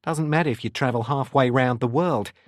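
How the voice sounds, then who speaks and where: A man's voice: medium pitch, fairly quick, no echo, studio quality, natural voice. A man voicing a doubtful, teasing female detective with a New Zealand accent in an audiobook. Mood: wary.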